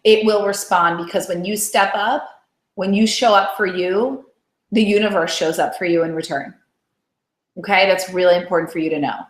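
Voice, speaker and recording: A woman's voice: fairly low pitch, normal speed. A woman weight-loss coach leading a motivational live call. She talks in a chatty, encouraging way and keeps checking in with "right?". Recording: roomy echo.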